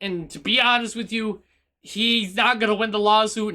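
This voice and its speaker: A male streamer rambles and teases his chat while he plays, with a high voice and a bright, sharp tone. His talk is loose and animated, full of restarts and playful jabs. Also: normal speed. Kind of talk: casual game-stream chat.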